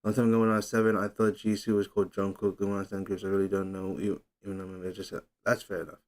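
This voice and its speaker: A man's voice: deep voice, little pitch movement, rapid-fire. A young man hosting a casual livestream, chatting loosely, reading comments aloud and fumbling with his setup. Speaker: livestream host.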